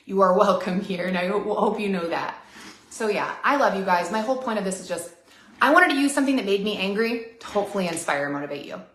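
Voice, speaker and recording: A woman's voice: mid-range voice, quick pace, a bit bright, roomy sound. A woman ranting on a live video, sassy and feisty, rambling and laughing as she talks to her followers. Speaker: MLM seller on a live video. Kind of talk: livestream rant.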